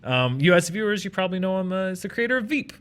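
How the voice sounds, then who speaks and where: A man's voice: sits high, big pitch swings, a bit bright, clean tone. Man chatting through box office numbers. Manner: chatty, runs through figures with quick asides. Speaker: box office show host. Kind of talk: casual chart rundown chat.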